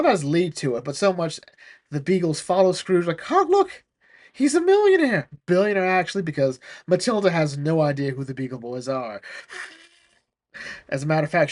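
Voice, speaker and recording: Chatty man recapping a comic. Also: on the high side. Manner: chatty and amused, lots of "like". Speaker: comic reviewer. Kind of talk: casual chat.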